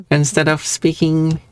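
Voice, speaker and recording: Slow-talking Swedish man streaming. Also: on the high side, clean tone. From Sweden. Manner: playful, drawn-out, laughs between words. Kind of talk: casual stream chat.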